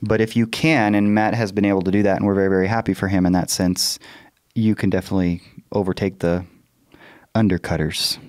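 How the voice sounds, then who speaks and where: Man, podcast host, smooth clear voice, measured, devil's advocate. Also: low-pitched, fairly even intonation, darkish tone. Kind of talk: casual podcast discussion.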